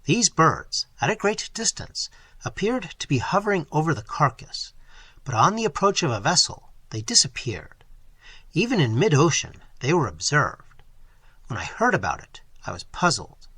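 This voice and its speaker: A man voicing a mild, fatherly older male professor who lectures gently in an audiobook. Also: a little high, wildly swooping pitch, moderate pace, husky, no room sound, full character voice. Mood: lecturing.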